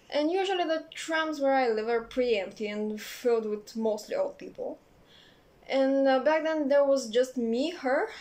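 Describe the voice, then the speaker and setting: A young woman telling a personal story in a casual, rambling way, swearing freely and filling pauses with "uh" and "like". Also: high-pitched, darkish tone. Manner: rambling, profane, many fillers. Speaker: vlogger.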